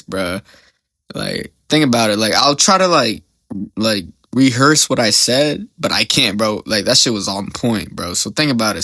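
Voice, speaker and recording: Young guy rambling thru a story on his podcast, lots of slang, mid pitch, dry sound. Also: bright, forceful tone, dry recording. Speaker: podcast host.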